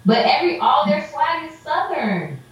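A woman's voice: high-pitched, moderate pace. Casual woman storyteller, mimics people mid-anecdote; echoey, dull recording. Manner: animated storyteller, acts out quotes, heavy "like" filler. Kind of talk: casual chat. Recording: roomy echo, dull lo-fi sound.

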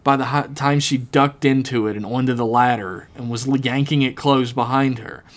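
A man's voice: mid-range voice, fairly even intonation, moderate pace. A man co-hosting a podcast, reading his own horror story aloud dramatically and laughing at his own jokes. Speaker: podcast co-host.

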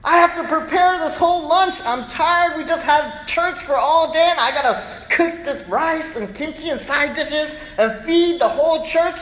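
A man voicing an exhausted, exasperated mother who complains loudly about feeding guests. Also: moderate pace, few pauses, roomy sound, low-quality recording. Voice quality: high, loud, strained. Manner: complaining, indignant outbursts.

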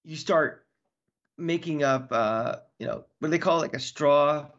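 A man with a fairly high voice rants emphatically in casual sports chat, pushing each point hard. The audio is dull and lo-fi, like a modest home podcast setup. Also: a little slow. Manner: animated, emphatic, ranting. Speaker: podcast co-host.

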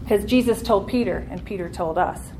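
A woman's voice: medium pitch, moderate pace, noisy background. A woman teaching a church Bible study class in an earnest, conversational way, leaning into key points.

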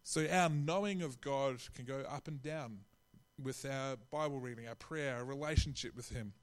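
A man's voice: medium pitch, moderate pace. A man preaching a sermon in a conversational way, often restarting his phrases and acting out quotes.

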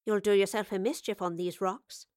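A woman voicing an unflappable female professor who speaks calmly and teases with dry, cutting wit. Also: mid-range voice, moderate pace, no echo, lightly acted. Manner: calm, dry and quietly cutting. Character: sharp-witted female professor, unflappable and dryly teasing.

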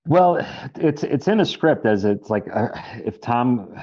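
A man's voice: medium pitch, lively intonation, unhurried, dark tone, dry recording, highs cut off. A man, an actor, chatting casually in an interview, rambling with many restarts and fillers.

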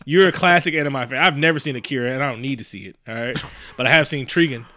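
An animated man trading opinions in a casual chat, cursing freely and leaping into high, excited bursts. His voice is bright and forceful, recorded close and dry with no room sound. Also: quick pace, no echo. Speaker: podcast co-host.

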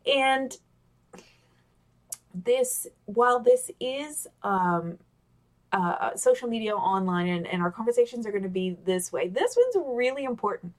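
A woman giving casual, animated communication tips over a webcam. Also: a little high, unhurried. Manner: animated, talks with gestures, excitable. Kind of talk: casual instructional talk on camera. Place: home office with a squeaky chair. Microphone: webcam on a video call.

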